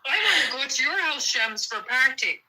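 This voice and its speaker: A woman's voice: high-pitched, animated, normal speed, sharp tone, breathy edge, rough recording. A woman calling in to a casual chat, chatty and agreeable. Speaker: guest caller.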